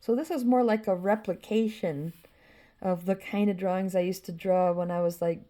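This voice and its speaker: A woman's voice: medium pitch, fairly even intonation, moderate pace, dark tone. A woman talking casually about her drawings in a loose, rambling way, swearing freely and dropping in "you know" often. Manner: loose and profane, with frequent "you know" and laughs. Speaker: vlogger showing her drawings.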